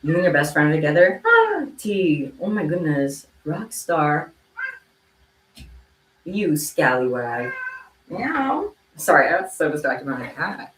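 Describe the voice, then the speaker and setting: Young woman, low voice, lively chatty delivery, echoey room, faint background hum. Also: measured pace. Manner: chatty, meows at her cat. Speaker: streamer making kandi bracelets. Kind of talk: casual livestream chat. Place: home room.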